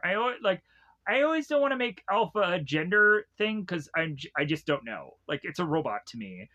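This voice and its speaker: A man's voice: high voice, big pitch swings, moderate pace, sharp tone. A man giving a rambling, casual episode recap, laughing often and swearing freely. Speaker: episode reviewer.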